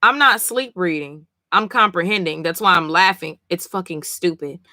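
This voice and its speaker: A woman's voice: on the low side, moderate pace, pushed and bright, dry recording. A sleepy woman streamer reacting live as she reads a comic, blunt, profane and exasperated. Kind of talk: casual live reading reaction.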